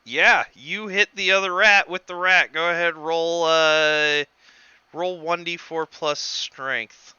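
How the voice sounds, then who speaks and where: Slow, bright-voiced male game master. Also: on the high side, steady tone, clean tone, dry recording, dull audio. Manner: halting, laughs easily. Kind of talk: narrating a tabletop game.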